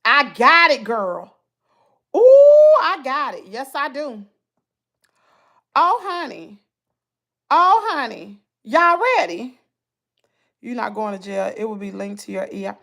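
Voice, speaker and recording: A woman's voice: a little high, very animated, takes it slowly, creaky, long pauses, sharp tone. A woman vlogger with a Southern US accent, chatting casually to her viewers with lots of exclamations and asides.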